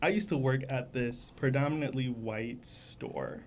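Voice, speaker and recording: A young man hosting a casual group chat on a radio show, laid-back and quick to laugh, acting out voices in his stories. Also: medium pitch, a little hiss or hum. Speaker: host.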